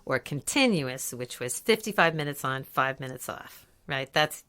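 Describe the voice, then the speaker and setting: Low-voiced older woman telling gig stories. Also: moderate pace, smooth. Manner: animated storyteller, laughs often. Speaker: podcast co-host. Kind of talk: casual chat.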